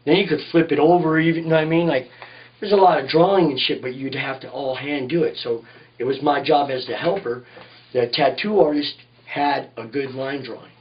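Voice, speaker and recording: A man's voice: mid-range voice, fairly quick, recorded from a distance, muffled recording. A man, a tattoo artist, telling shop stories in a rambling, profane way in a casual interview, often saying "you know what I mean".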